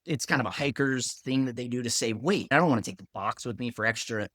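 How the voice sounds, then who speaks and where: A man, a pharmacist, telling a story in a casual, animated way, acting out other people's lines and saying "like" a lot. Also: mid-range voice, fast, no echo.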